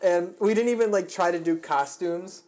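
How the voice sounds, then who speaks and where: A man's voice: sits high, normal speed, a little mellow. A young man guesting on a casual podcast, telling stories, swearing freely and laughing often.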